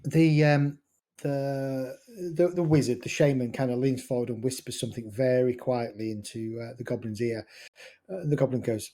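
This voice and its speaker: Relaxed game master narrating a tabletop game, mellow and loosely paced. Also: mid-range voice. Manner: casual, halting narration with fillers.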